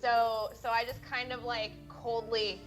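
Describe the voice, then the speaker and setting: A woman's voice: fairly high pitch, level tone, a little slow, soft background music. A woman playing a tabletop game, chattily describing what her character does, full of "like" and "kinda". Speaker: player. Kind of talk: casual tabletop role-play.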